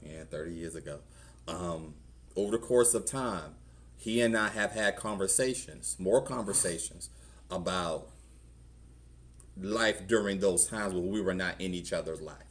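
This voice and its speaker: A man's voice: low voice, unhurried, a bit bright. A middle-aged man with a Southern US accent, a pastor telling his own story in a conversational sermon and acting out the voices in it. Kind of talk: testimony sermon. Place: church.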